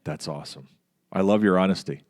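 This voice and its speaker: A middle-aged man hosting a casual podcast chat, telling stories with lively mimicry of people yelling. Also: brisk. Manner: animated storyteller, mimics yelling in a much higher voice.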